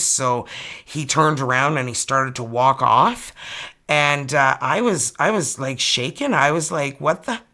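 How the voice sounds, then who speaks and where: A tarot reader with a Canadian accent and a low-pitched voice chats animatedly to her viewers from her home studio. She tells them a story peppered with "like" fillers.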